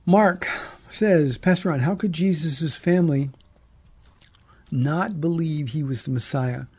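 A man's voice: on the high side, a little slow, darkish tone, husky. A middle-aged man, a pastor, answering listener questions about the Bible on a radio program in an earnest, emphatic way, often restarting his sentences. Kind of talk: radio call-in Bible teaching.

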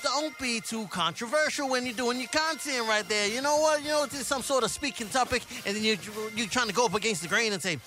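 Brief: high-pitched man, radio co-host, preacher-style joke ranting, music bed in the studio. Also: lively intonation, brisk, few pauses, sharp tone. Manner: playful preacher-style ranting, laughs a lot. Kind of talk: joking mock-sermon banter.

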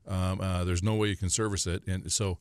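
A man's voice: low-pitched, little pitch movement, fairly quick, clean tone, dry recording. A man answering callers' money questions on a call-in radio show in a folksy, rambling way, with frequent fillers. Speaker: financial advisor radio guest. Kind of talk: casual call-in radio chat.

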